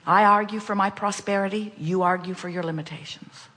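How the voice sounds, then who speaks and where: Woman talking slow and emphatic, speaks as "we", voice ringing in a big echoey hall. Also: mid-range voice, fairly even intonation, a bit bright, a little hiss or hum. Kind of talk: spoken teaching in conversation. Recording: long hall reverb.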